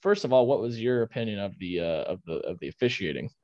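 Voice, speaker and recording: A man's voice: lowish voice, animated, fast talker, a little mellow, dry recording, muffled recording. Fired-up young man ranting about his team. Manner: ranting, fired up, restarts sentences. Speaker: podcast co-host. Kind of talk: casual sports chat.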